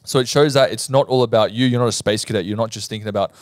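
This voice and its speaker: Fast-talking Australian man, podcast co-host. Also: on the low side, dry recording, studio quality. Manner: explains points step by step, animated storytelling. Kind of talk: casual podcast chat.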